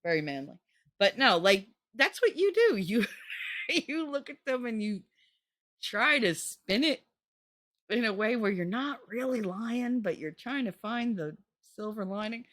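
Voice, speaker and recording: A woman hosting her channel, commenting casually on a book she reads from, blunt and joking, swearing freely and swooping into squeaky high notes. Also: very animated, a little slow, a bit bright, no room sound.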